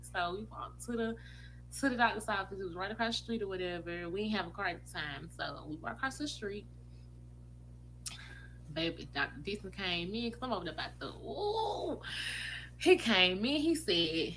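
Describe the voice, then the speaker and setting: Woman, casual storyteller, mid-pitched, acts out quotes, faint hum behind. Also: moderate pace, rough recording. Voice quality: animated, acts out quoted voices. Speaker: vlogger telling her own story.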